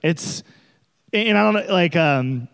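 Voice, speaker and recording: A man's voice: on the high side, slow, vocal fry, smooth, long reverb tail. A young man giving a casual, conversational sermon, often acting out voices of the people he talks about. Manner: conversational, animated, acts out quoted voices. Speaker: preacher.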